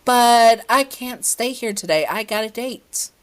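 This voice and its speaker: A woman's voice: fairly high pitch, measured pace, voice pushed up, natural voice. A woman reading a fan story aloud voices a playful, teasing non-binary young researcher who talks with a smirk.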